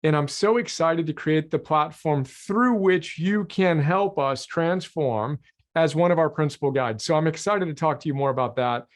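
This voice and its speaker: A man's voice: fairly high pitch, moderate pace. Effusive man hosting an online chat. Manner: effusive, warm sign-offs. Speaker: host. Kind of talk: live online chat with a group.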